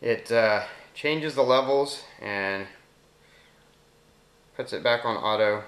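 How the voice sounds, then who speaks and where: A man with a Southern US accent casually explaining a phone app, speaking voice commands slowly and clearly in between. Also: medium pitch, fairly bright tone. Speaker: app demonstrator. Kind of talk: casual screen demo narration. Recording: roomy echo.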